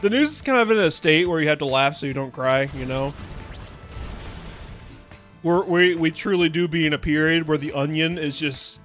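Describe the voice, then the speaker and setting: A man's voice: a little high, moderate pace, fairly bright tone, soft background music. Joking man streaming a game. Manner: joking, rambling, bursts of laughter. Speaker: VTuber streamer. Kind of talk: casual let's-play commentary.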